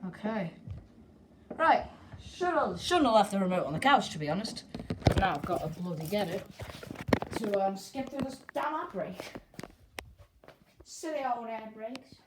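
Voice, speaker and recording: A woman's voice: medium pitch, sing-song, normal speed, long pauses. Chatty young woman filming indoors. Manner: chatty, rambling, cheeky, many fillers. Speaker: channel host. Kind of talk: casual live commentary. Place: indoor living room by a window. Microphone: handheld camera. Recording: noisy home camera audio with clicks.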